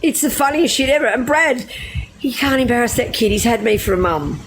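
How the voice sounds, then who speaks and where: A woman's voice: a little high, lively intonation, fairly quick. A middle-aged woman with an Australian accent telling brash, swearing anecdotes in casual chat. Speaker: storyteller. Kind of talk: casual storytelling. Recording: noisy background.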